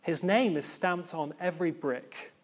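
A man preaching a sermon in an earnest, reflective way, with pauses and gentle emphasis. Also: on the high side.

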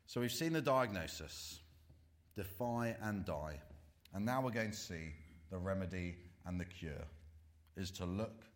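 A man preaching a sermon, moving from bright questions to slow, hushed warnings. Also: deep voice, expressive. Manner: dramatic swings from loud to hushed, slow emphatic warnings.

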